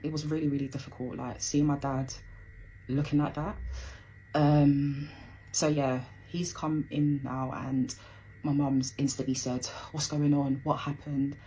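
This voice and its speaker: A young woman with a very deep, mellow voice speaks in a flat delivery while recounting a personal story. She talks fast and breathlessly, casual and emotional, packing in lots of fillers. The recording is low quality with slight background noise.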